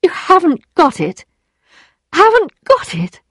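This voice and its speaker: A woman reading an audiobook, voicing a ruined young woman who pleads high and strained through tears. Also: a little slow, darkish tone, no echo. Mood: desperate. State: weeping.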